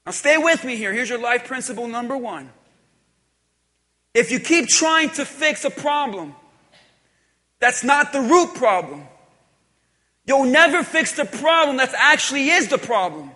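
High, bright-voiced man preaching in a hall. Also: expressive, unhurried, pauses often. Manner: emphatic preaching, repetitive phrasing, drops to quiet intensity. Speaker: pastor. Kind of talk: sermon. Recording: long hall reverb.

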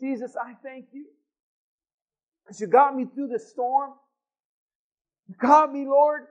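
A weary apostle pours out his exhaustion and frustration to God, as a man acts him out in a sermon. The voice sits very high and moves slowly. The recording is dull and lo-fi. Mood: grateful. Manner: exasperated questioning of God. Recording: dull lo-fi sound.

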